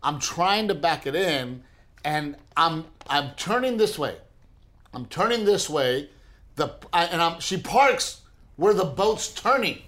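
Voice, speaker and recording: A man, co-hosting a podcast in casual chat, telling stories in an animated way and teasing his wife. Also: fairly high pitch, takes it slowly. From Texas. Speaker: podcast co-host.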